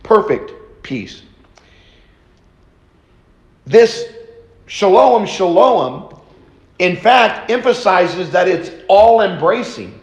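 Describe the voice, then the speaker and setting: A male preacher giving a sermon in a slow, deliberate teaching manner and repeating key phrases for emphasis. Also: high voice, animated, roomy sound, rough recording. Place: church auditorium.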